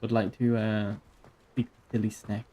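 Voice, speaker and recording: A man's voice: fairly low pitch, little pitch movement, normal speed, mellow, a little hiss or hum. A man casually commenting while streaming a video game, joking and repeating words as he thinks. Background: game music.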